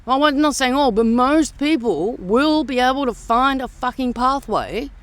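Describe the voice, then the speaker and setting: A woman's voice: high-pitched, a little slow, fairly bright tone. An Australian woman venting in a blunt, sarcastic rant for her vlog, swearing heavily and mocking the views she disagrees with. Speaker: vlogger. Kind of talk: ranting monologue vlog.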